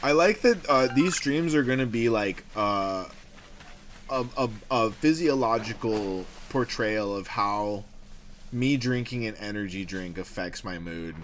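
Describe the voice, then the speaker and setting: A man's voice: fairly low pitch, expressive, measured pace, a little hiss or hum. A man hosting a livestream and chatting casually, ranting animatedly and swearing freely. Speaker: livestream host. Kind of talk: casual stream chat. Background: music.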